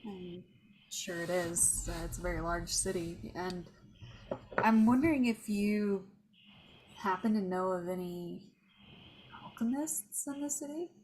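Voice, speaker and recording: A woman's voice: lowish voice, measured pace, long pauses, darkish tone, slight background noise, low-quality recording. A woman taking part as a player in a tabletop role-playing game, speaking hesitantly with many fillers.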